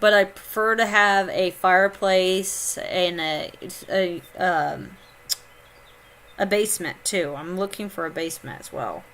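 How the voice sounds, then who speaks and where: Bright, unhurried woman streamer. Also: fairly low pitch. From Indiana, United States. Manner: chatty, reads chat aloud, laughs often. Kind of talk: casual live-stream chat while gaming.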